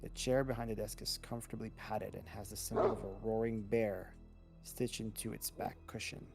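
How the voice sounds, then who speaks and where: A man narrating as game master, describing scenes in a relaxed way with frequent restarts. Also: fairly low pitch, moderate pace, gravelly, music in the background.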